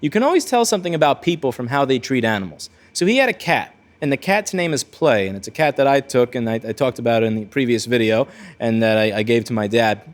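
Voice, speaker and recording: A man's voice: mid-range voice, lively intonation, quick pace. A man hosting his own video, telling a rambling, blunt story with frequent restarts. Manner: rambling, self-correcting, blunt. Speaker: repair-shop video host. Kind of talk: casual storytelling monologue.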